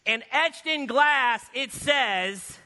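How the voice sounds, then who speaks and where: A man with a high, bright, forceful voice tells a story from a church pulpit. His delivery is lively and anecdotal, full of playful asides, and his words ring out with the long reverb of a large church hall. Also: drawn-out words. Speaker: guest speaker. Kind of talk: storytelling sermon. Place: church sanctuary.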